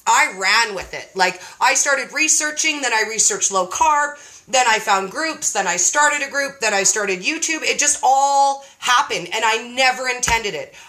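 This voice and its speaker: Brief: woman host, fairly high and bright, lively playful storyteller. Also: a little slow, few pauses. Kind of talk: casual storytelling chat.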